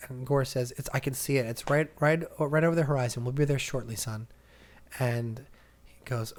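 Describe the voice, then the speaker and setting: Animated young man retelling a comic. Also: mid-range voice, normal speed. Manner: animated storyteller, acts out characters' lines. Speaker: podcast co-host. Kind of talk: casual comic-book recap chat.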